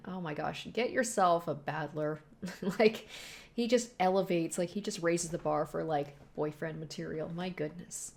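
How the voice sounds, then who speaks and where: A woman's voice: fairly low pitch, unhurried, a little mellow. A young woman hosting a reaction video, chatting casually and gushing about the story. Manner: gushing, chatty, many "like" fillers.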